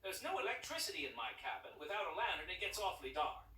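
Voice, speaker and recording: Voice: mid-range voice, sing-song, fast, pushed and bright, reverberant, recorded from a distance, pitched above the performer's own voice. A reader voicing an upset woman earnestly explaining herself, in a storybook read-aloud.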